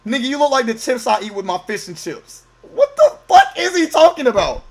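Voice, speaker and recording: A man's voice: extremely high pitch, huge pitch swings, a little fast, darkish tone, slight background noise. A young man streaming from home, reacting to a video with casual, profane, joking slang and talking over it. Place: home at night, keeping voice down.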